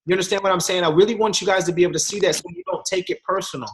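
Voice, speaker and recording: Man, guest speaker, motivational talk, voices other people when quoting them, slangy, higher voice. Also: very fast, noisy background. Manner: animated storytelling with voiced quotes, slangy.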